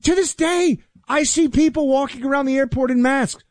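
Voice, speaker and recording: A man's voice: very high-pitched, normal speed, no room sound. Indignant talk-show man, dry close mic. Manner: indignant, rising to shouts. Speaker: co-host. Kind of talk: political talk radio commentary.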